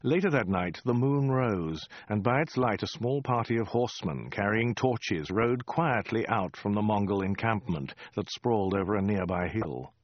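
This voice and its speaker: A lowish male voice reads a comic tale with a dry, deadpan touch, yet his pitch rises and falls a great deal. The recording is close, dry and slightly dull. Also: moderate pace, hardly any pauses, dry recording. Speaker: narrator. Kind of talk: audiobook reading.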